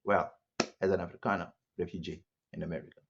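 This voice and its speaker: A man's voice: deep voice, flat delivery, quick pace, creaky, muffled recording, noisy background. A man giving a sarcastic opinion commentary monologue, full of rhetorical questions. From South Africa. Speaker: online commentator.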